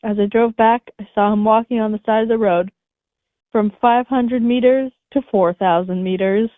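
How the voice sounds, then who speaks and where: A woman with a slightly high voice reads online stories aloud, breaking off for small asides. The sound is dry and narrow, as if heard over a phone line. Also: steady tone, normal speed, dry recording. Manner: reads steadily with light laughs and asides. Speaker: co-host reading stories. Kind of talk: casual chat, reading stories aloud.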